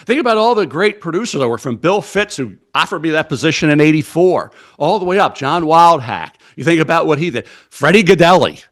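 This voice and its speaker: A man in his sixties with a Baltimore accent, a guest in a casual radio interview, talking in a rapid, effusive, rambling way full of lists of names. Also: a little high, expressive, fairly bright tone. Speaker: guest, draft analyst.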